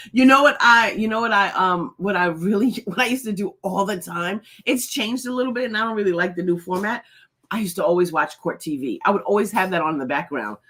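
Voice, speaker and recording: A woman's voice: mid-range voice, sing-song, normal speed, fairly bright tone, breathy edge. A middle-aged woman hosting a casual live stream, chatty and laughing often as she greets viewers by name. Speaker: host.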